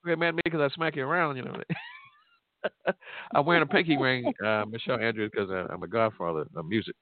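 A man's voice: mid-range voice, huge pitch swings, a little fast, no echo. A middle-aged man, hosting a call-in radio show with boastful, joking trash talk and frequent laughter. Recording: tinny phone-like audio.

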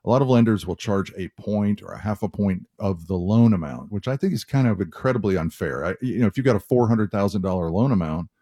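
A man hosting a home loan radio show, explaining mortgage fees in a relaxed conversational way with frequent restarts. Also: lowish voice, fast talker, few pauses, dry recording, clean studio sound. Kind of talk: radio call-in advice talk.

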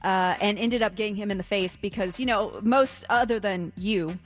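A woman's voice: medium pitch, normal speed, soft background music. A woman co-hosting a radio talk show, telling stories in a dry, matter-of-fact way. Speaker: radio co-host. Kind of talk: casual radio banter. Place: radio studio.

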